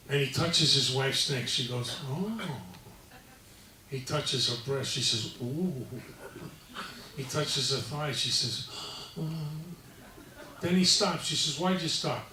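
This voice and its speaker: A man telling a string of jokes, slipping into quick put-on voices for the punchlines. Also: mid-range voice, lively intonation, echoey room, distant mic, noisy background. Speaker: comedian. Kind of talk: stand-up joke telling.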